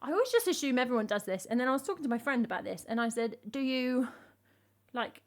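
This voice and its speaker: A woman's voice: a little high, big pitch swings, very fast. An English woman in her thirties, chatting casually to viewers on a music livestream in a self-mocking, rambling way, dropping her T's. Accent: English, drops T's. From England. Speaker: streamer and singer-songwriter.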